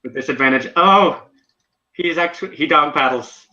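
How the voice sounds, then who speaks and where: Game master narrating, bright tone, roomy dull lo-fi chat audio. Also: male voice, a little high, normal speed. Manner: casual, descriptive narration with frequent restarts.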